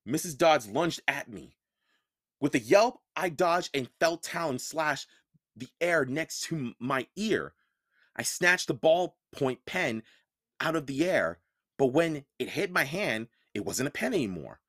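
Podcast audiobook reader, male, lively storytelling, dry close mic. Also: on the high side, unhurried, no room sound. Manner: expressive storytelling. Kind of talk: first-person audiobook narration.

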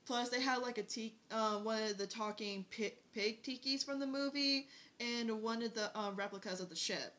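A woman's voice: a little high, moderate pace, fairly bright tone. A woman guesting on a podcast, chatty and bubbly, who talks on and on. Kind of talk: casual chat.

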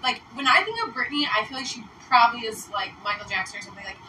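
A woman with a slightly high voice talks hesitantly, full of fillers, in casual chat. She is away from the mic, and clear noise runs behind her. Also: quick pace, distant mic.

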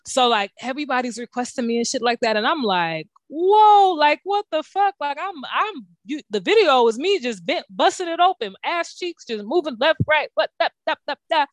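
A young woman with a somewhat high voice tells a story in a casual chat. Her talk is profane and animated, with sudden jumps up in pitch. The recording is dry and close, with no room sound. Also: a little fast, hardly any pauses, dry recording. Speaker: podcast co-host.

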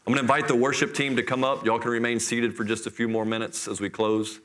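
A middle-aged man preaching a sermon in church, telling a scripture story with lively, acted-out voices. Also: medium pitch, quick pace. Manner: animated storytelling, acts out voices. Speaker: pastor.

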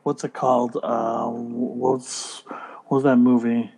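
A man's voice: medium pitch, flat delivery, slow pace, creaky, mellow, breathy edge, rough recording. A man co-hosting a podcast in casual chat, joking, laughing and swearing freely. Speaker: podcast co-host.

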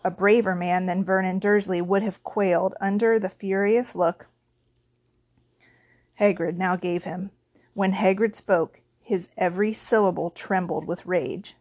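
A woman narrating a children's novel in a lively, expressive reading style. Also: medium pitch, a little slow. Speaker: audiobook narrator.

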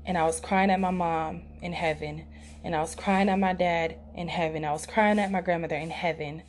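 A young woman on her podcast speaks candidly and emotionally, her voice sitting a little low for a woman. She talks with frequent fillers and self-corrections, telling a personal story from a room outside her usual setup. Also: fairly even intonation, fairly quick. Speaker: podcast host. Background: outside noise through an open window.

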